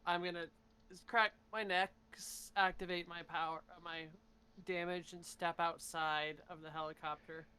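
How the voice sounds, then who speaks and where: A woman with a bright, smooth, resonant voice plays a tabletop game. She talks casually with a wry, sarcastic edge. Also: fairly low pitch, level tone, moderate pace. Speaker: player.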